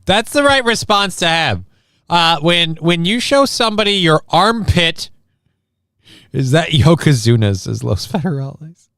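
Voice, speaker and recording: A man's voice: high-pitched, big pitch swings, unhurried, sharp tone, smooth, no echo, studio quality. A man hosting a casual livestream, reading chat and news aloud in an offhand, profane way. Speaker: livestream host.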